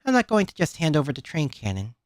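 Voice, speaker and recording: A streamer voicing a calm, resolute schoolgirl student council vice president in a low, solemn declaring tone. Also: fast, no echo.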